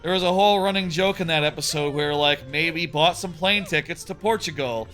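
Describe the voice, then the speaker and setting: A man's voice: a little high, brisk, bright, forceful tone. A man in his thirties chatting casually on a live stream while he plays, rambling with many fillers and restarts. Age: 30s. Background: faint game music.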